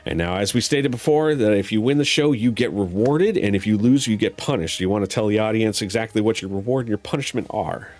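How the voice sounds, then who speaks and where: A man's voice: fairly low pitch, quick pace, hardly any pauses, darkish tone. A man hosting a streamed game show, teasing his guest with bawdy jokes and running through the rules. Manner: joking, teasing, bawdy patter.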